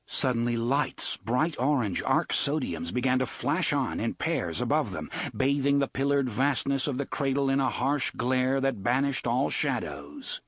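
Guy narrating an audiobook, husky voice, lively dramatic reading, dry close mic. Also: medium pitch, a little slow, few pauses, no room sound.

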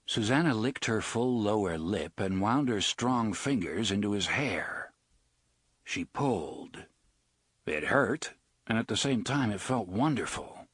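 Audiobook narrator, male, low and husky, dry close studio sound. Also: animated, measured pace, fairly bright tone, no room sound.

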